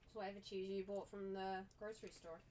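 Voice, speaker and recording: A British woman banters off camera, teasing and quick-witted. She talks fast in a mid-pitched voice. She is heard from away from the mic. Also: little pitch movement, darkish tone. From Britain. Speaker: host's partner off camera. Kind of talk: casual banter.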